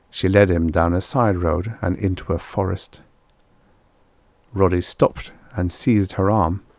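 A man with a lowish voice reads a vintage science fiction story aloud in a measured storytelling manner. The recording is dry and close, with no room sound. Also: a little mellow, no room sound. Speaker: audiobook narrator.

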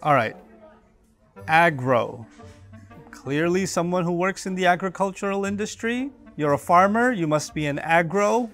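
A man's voice: high voice, animated, measured pace, a bit bright, faint music behind. A man casually and playfully guessing the meaning of slang words, thinking aloud and joking at his own guesses. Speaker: speaker reacting to slang list. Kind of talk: casual comedic monologue.

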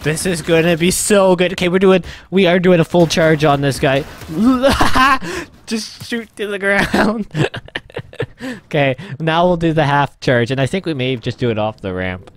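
A man's voice: medium pitch, brisk, slight background noise. A man hosting a gaming channel, giving rambling let's-play commentary with lots of laughter and exclamations. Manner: excitable, laughs and exclaims often; rambling, repeats himself.

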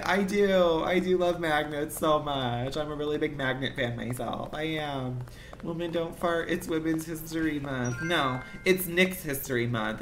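A man's voice: a little high, a bit bright, slight background noise. A young man livestreaming a game, rambling in a campy, dramatic, profane way at home. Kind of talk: casual game commentary.

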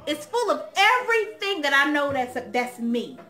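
Speaking directly to her viewers, a young vlog host chats casually and outspokenly, telling stories with great animation on her own channel. Her high-pitched voice is very animated with a sharp tone, at a normal speed.

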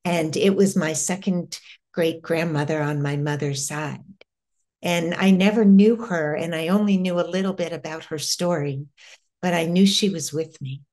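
A middle-aged American woman telling a personal spiritual story, slowly and haltingly, with many restarts. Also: low voice, darkish tone. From United States. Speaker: interview guest.

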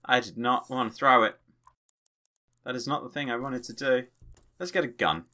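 A man giving excitable, playful let's play commentary as a gaming channel host, tossing in his own sound effects. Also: medium pitch, moderate pace.

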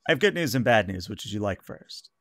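A man's voice: lowish voice, big pitch swings, fast, gravelly, a bit bright, dry recording, exaggerated voice. A man voicing a flirty male stranger in a tabletop game, speaking in a teasing, smug way.

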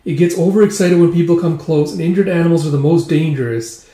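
A man voicing an earnest, capable young nomad wife who speaks gently and explains carefully. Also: quick pace, natural voice. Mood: calm, cautioning. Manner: gentle, explaining, higher-pitched put-on voice. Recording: roomy echo.

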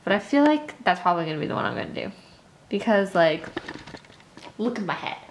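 A young woman vlogger rambles casually to her viewers, her talk packed with "like" and "um." Her voice is medium-pitched, sing-song and fairly quick. The room is echoey, with faint background noise.

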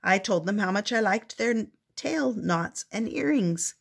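An older woman reading a picture book aloud, with expressive storybook narration. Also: medium pitch, measured pace, creaky, breathy edge.

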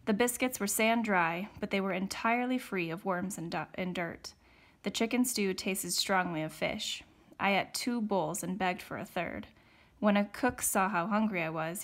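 Role: teacher. Style: reading a novel aloud. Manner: steady, occasional self-corrections. Pitch: medium. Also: female voice.

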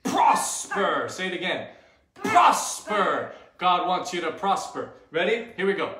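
A man hosts a children's church show, giving an upbeat kids' Bible lesson and leading the children in call-and-response. His voice sits high, brisk and sharp in tone, in an echoey room.

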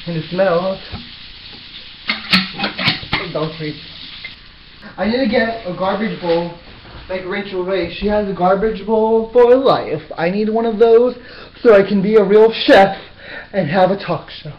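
A man's voice: high voice, a little slow, long pauses, noisy background. Chatty self-mocking young man cooking. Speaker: cooking vlogger. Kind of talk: casual cooking vlog chat. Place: apartment kitchen. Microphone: built-in camera mic. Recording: roomy, dull lo-fi camera sound.

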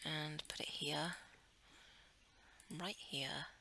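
Bright-voiced giggly woman gaming. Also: low-pitched, steady tone, extremely slow, vocal fry, a little hiss or hum, low-quality recording. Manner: chatty, giggly, thinks aloud; drops into murmurs and whispers. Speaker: let's play host. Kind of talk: casual gameplay commentary.

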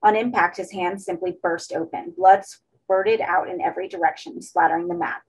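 A woman reading a horror story aloud as an audiobook, in steady narration. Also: fairly low pitch, normal speed, husky, low-quality recording. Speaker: audiobook reader.

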